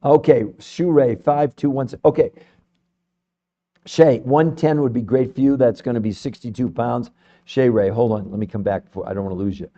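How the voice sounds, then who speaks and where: A middle-aged man hosting a live health stream, swinging between calm number-reading and loud, swearing pitches to his viewers. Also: moderate pace, muffled recording.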